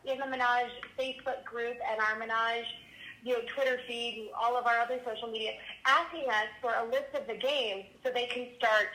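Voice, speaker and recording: A woman's voice: on the high side, fairly even intonation, brisk, pushed and bright, echoey room, rough recording. A woman guest, an event organizer, explaining plans in casual chat, enthusiastic and prone to giggling.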